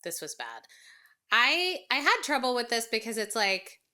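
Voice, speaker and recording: A woman's voice: a little high, big pitch swings, normal speed, bright, forceful tone. A woman co-hosting a podcast, chatting casually and giving frank, opinionated takes. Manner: candid, opinionated, laughs easily. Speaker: podcast co-host. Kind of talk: casual recap chat.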